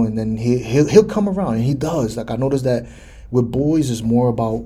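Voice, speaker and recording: A man in his thirties talks through a solo podcast episode in a relaxed, easygoing way, filling gaps with "you know" and "like". His voice is mellow and dark, with a husky grain to it. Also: medium pitch, normal speed. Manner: conversational, loose, many fillers like "you know". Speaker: podcast host. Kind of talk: casual solo podcast talk.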